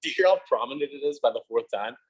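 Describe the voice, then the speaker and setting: A man leading a clinic for music teachers, talking in a quick, chatty, joking way with lots of fillers and restarts. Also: mid-range voice, rough recording. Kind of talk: casual clinic presentation. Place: room with attendees present, also on video call.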